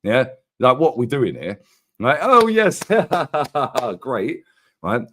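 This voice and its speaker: A man co-hosting a casual football chat, ranting in an animated, slangy way. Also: medium pitch, drawn-out words, a little hiss or hum. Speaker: co-host.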